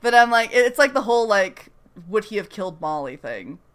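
A woman's voice: medium pitch, sing-song, fairly quick. A young woman hosting a podcast, chatting casually and animatedly while recapping a TV episode and acting out its scenes. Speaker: podcast host.

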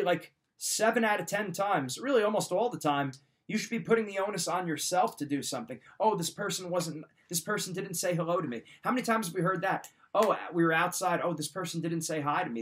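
A man's voice: high-pitched, fairly quick, fairly bright tone. A man hosting a motivational talk, giving life advice in a direct coaching manner and repeating his key points.

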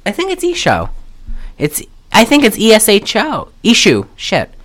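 A woman co-hosting a podcast, chatting casually as she recaps a film, acting out lines and laughing loudly. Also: fairly high pitch, moderate pace. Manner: animated storyteller, acts out lines, laughs loudly. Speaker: podcast co-host.

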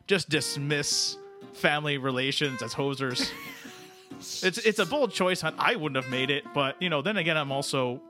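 A man's voice: on the high side, animated, normal speed, music in the background. A man co-hosting a podcast, rambling and teasing in a comedic persona. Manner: rambling, teasing, calls people buddy. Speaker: podcast co-host. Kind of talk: comedic chat in a silly persona.

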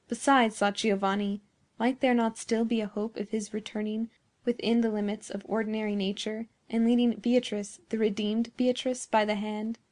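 A woman narrating a classic story as an audiobook, in a measured, expressive way. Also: a little high. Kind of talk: scripted narration of classic fiction.

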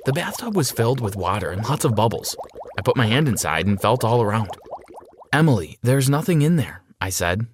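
A man narrating a first-person story in an expressive storytelling manner. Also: lowish voice, a little fast, slight background noise.

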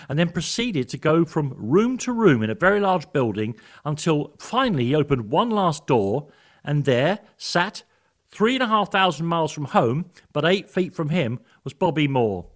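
A man hosting a radio programme, narrating a scripted tribute with earnest personal storytelling. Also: fairly high pitch. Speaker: radio host.

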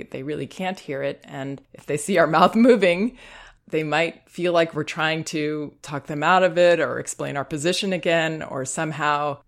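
Low-voiced calm woman giving advice. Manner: calm, unhurried, reassuring. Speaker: parenting advice podcast host. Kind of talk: advice talk.

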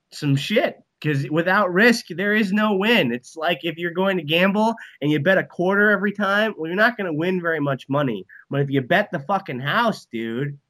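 A man in casual podcast chat, rambling and emphatic, peppering every line with swearing. His voice is forceful and bright and sits a little high for a man. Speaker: guest, band manager.

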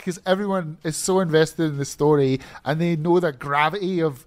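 Male co-host, slightly high voice, loose, enthusiastic and profane in casual chat. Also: fairly even intonation, fairly quick, hardly any pauses, darkish tone. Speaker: podcast co-host.

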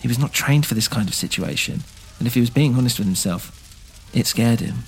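A man narrating a scripted fantasy audio drama in a measured, dramatic way. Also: mid-range voice, a little hiss or hum.

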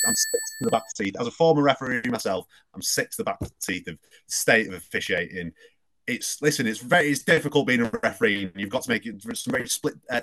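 A man's voice: lowish voice, fairly bright tone. A man on a podcast panel, ranting with exasperation and many stumbling restarts. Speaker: panel guest. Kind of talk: casual podcast panel chat.

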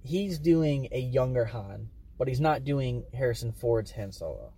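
A man's voice: mid-range voice, expressive, unhurried, warm tone, breathy edge. A man co-hosting a podcast, chatting casually about movies and acting out scenes with silly voices. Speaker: podcast co-host. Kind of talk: casual movie review chat.

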